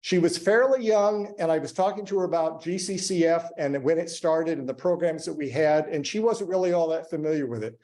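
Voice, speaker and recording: A man giving halting public remarks to a school board, with many fillers and restarts. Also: on the high side, a little mellow. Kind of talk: public comment at a board meeting. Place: public meeting room.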